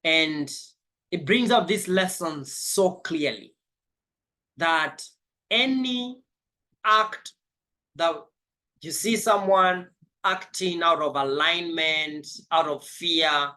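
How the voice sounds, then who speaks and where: A man's voice: on the high side, slow, pauses often, sharp tone. A man giving a motivational life coaching session, emphatic and spiritual, repeating his key phrases.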